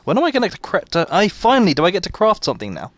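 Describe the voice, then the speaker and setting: A British gaming streamer gives casual live commentary on his gameplay, making self-deprecating remarks, tossing quick asides to chat and laughing often. His voice sits high, swoops wildly in pitch and sounds a bit bright.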